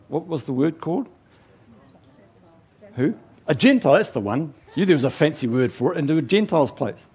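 A man preaching a sermon in an animated way, swinging from loud outbursts to quiet asides, chatty and joking at his own expense. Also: on the high side, slightly rough. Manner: chatty, self-mocking and joking.

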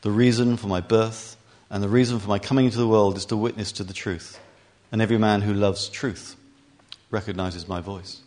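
A man reading a calm, solemn prisoner-king. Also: on the low side, lightly acted. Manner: measured, solemn. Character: calm, steady adult male prisoner-king.

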